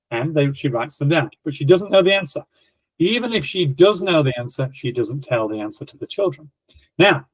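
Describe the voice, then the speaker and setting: A middle-aged man speaking as an education guest, telling classroom stories in a lively way and acting out scenes. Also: on the high side, dry recording, poor audio. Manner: lively, acts out classroom scenes in quoted voices. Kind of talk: animated storytelling explanation.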